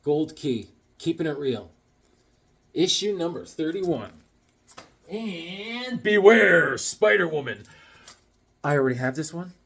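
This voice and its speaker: Husky rambling comic-book guy. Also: on the high side, a little slow, long pauses. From Connecticut, USA. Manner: rambling, joking, tells deadpan tall tales. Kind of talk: casual rambling chat.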